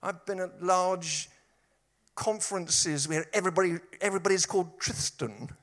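With a high-pitched, slightly bright voice and an East London accent, a man from East London preaches a sermon at normal speed. He mixes humorous storytelling with wry jabs, and there's slight background noise.

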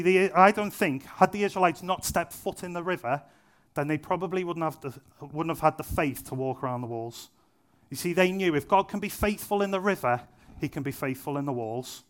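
A young preacher delivers his sermon in a relaxed, chatty way, slipping in little jokes at his own expense. His voice sits a bit higher than most men's, and he leans on repetition to hammer each point home. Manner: conversational, self-deprecating humour, emphatic repetition. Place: church venue.

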